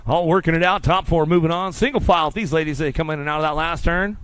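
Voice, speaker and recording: A man calling live BMX races in rapid, rhythmic announcer patter at an outdoor track. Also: on the high side, steady tone, fairly bright tone, clear, resonant tone, no room sound. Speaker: race announcer. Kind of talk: live BMX race commentary.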